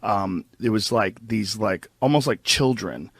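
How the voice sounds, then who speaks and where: A man's voice: fairly low pitch, a little slow, breathy edge, dry recording. A man casually recounting strange experiences, rambling and filling his talk with "like". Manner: rambling, many "like" fillers.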